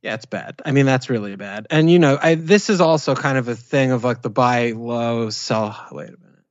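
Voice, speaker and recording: A man's voice: medium pitch, normal speed, no room sound. A man co-hosting a casual fantasy football chat, laid-back and hedging, swearing freely. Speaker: podcast co-host. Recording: dull dry lo-fi mic.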